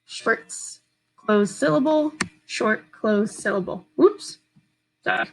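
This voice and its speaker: A woman teacher giving a slow, patient, step-by-step phonics lesson to young children from home. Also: medium pitch, animated, rough recording.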